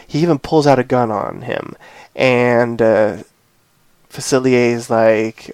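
Slow, dry-voiced man retelling a show. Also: medium pitch, darkish tone, clear, resonant tone, dry recording. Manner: rambling retelling full of "you know" and "this, that, or the other"; openly opinionated and emphatic. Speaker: podcast host. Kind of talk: casual chat recapping a TV episode.

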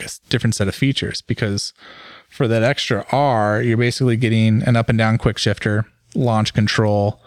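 A man's voice: fairly low pitch, dry recording, clean studio sound. A man in his thirties co-hosting a casual talk show, rambling with fillers and restarts. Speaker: podcast co-host. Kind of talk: casual chat.

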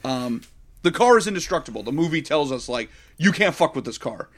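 A man co-hosting a casual movie podcast, retelling scenes in an excitable, profane way. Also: a little high, a little fast. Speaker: podcast co-host. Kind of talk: casual movie review chat.

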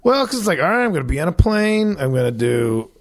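Animated, rambling male podcast co-host. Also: fairly high pitch, quick pace. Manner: rambling, animated, swears freely, acts out quoted voices. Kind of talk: casual chat.

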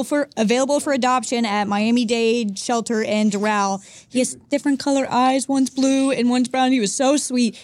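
Woman co-host, earnest storyteller, slightly high voice, dry studio sound. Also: darkish tone, no room sound. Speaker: radio show co-host. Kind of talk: casual talk-show chat. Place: radio studio.

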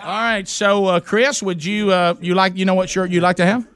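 A man hosting a morning radio call-in game, loud and exuberant, breaking into shouted chants. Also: high voice, fairly even intonation, normal speed, no echo. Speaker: radio host.

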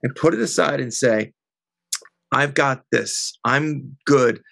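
A middle-aged woman as an interview guest, telling a heated story in an animated, indignant way. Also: very deep voice, takes it slowly, vocal fry, no room sound. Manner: animated, indignant, quotes others.

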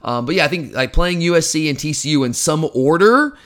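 Quick-talking male podcast co-host, casual and opinionated, tends to ramble. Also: fairly high pitch, animated, fairly bright tone. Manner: rambling, opinionated, self-deprecating. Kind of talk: casual sports podcast chat.

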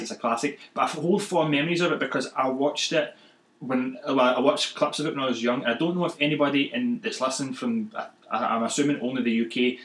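A man's voice: medium pitch, a bit bright, echoey room, poor audio. A man, a podcast co-host, rambling through stumbling retellings in casual chat and laughing a lot.

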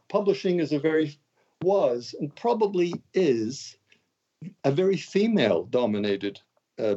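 An older man from Canada, a guest author, answering interview questions in a relaxed, conversational way with wry, self-deprecating jokes. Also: mid-range voice, slightly rough, muffled recording. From Canada (Montreal).

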